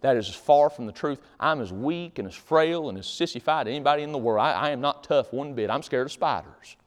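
A male pastor preaching a sermon in a church, swinging from loud shouts to quiet pleading. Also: medium pitch, fairly quick, in a large hall. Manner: impassioned Southern preaching with sudden loud shouts. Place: church sanctuary.

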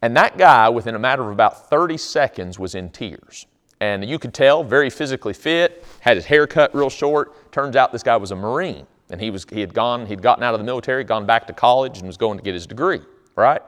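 A man's voice: mid-range voice, animated, brisk, fairly bright tone. A man preaching a sermon, telling stories in an emphatic, conversational way. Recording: long hall reverb.

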